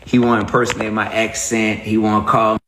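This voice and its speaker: A man hosting a casual livestream, speaking in an animated, preachy way and greeting viewers by name as he goes. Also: lowish voice, brisk, roomy sound. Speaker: livestream host.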